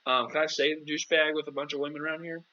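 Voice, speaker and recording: A man's voice: a little high, level tone, fast talker, sharp tone, lo-fi sound. A man hosting a casual live-stream Q&A as a dating coach, chatty and playful, calling viewers "girl".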